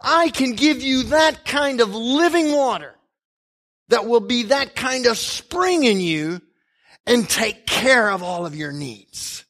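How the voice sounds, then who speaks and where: A man voicing Jesus as a calm, patient teacher speaking earnestly to a woman in a retold story. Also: very high voice, slow, voice pushed up, heavily acted.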